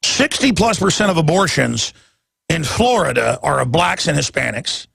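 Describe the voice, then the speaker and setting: A man hosting a talk radio show, ranting in a rambling way and jumping suddenly into loud, emphatic bursts. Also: on the high side, very animated, normal speed, creaky, slightly rough, no room sound.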